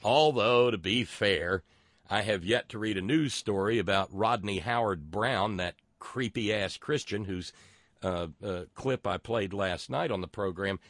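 A man's voice: on the low side, unhurried, fairly bright tone, no room sound, clean studio sound. A middle-aged man hosting a political commentary show, sardonic and profane, often stammering and restarting his sentences. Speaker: podcast host.

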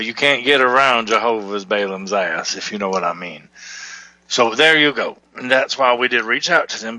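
A man playing a bombastic fire-and-brimstone televangelist pastor in a parody sermon, preachy and booming. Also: pushed and bright, no echo, rough recording. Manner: preachy, booming, asks for donations. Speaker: comic radio preacher.

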